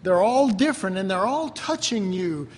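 High-voiced pastor preaching in a reverberant hall. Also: male voice, animated, normal speed. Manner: rambling, conversational preaching with frequent fillers. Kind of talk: sermon. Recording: long reverb with faint ambient noise.

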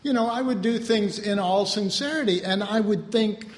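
A man's voice: sits high, normal speed, long reverb tail. A man preaching a sermon with self-mocking humor, acting out little dialogues in changing voices.

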